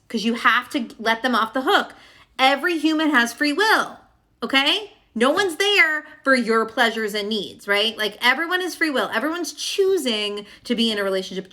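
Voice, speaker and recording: A woman's voice: a little high, bright, forceful tone. A young woman love coach giving a casual, emphatic talk to camera, full of "like" and "okay?". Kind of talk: casual teaching monologue to camera.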